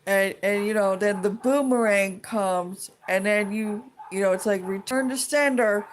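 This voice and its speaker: A woman's voice: mid-range voice, unhurried, slight background noise. Woman venting on her vlog, swearing a lot, restarting sentences, all over the place. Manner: heated, profane, rambling with many restarts. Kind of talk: casual rant to camera.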